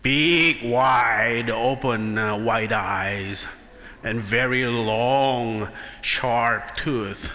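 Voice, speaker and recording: A man voicing an angry, hungry giant troll that lives under a bridge, speaking slowly and gruffly in a reverberant hall. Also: mid-range voice, bright, forceful tone. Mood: describing himself.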